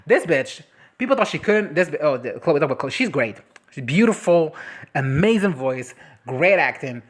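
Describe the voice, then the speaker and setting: A woman chatting casually as a movie reviewer, animated and swearing, breaking into quick impressions of characters. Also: low voice. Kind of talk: casual reaction chat.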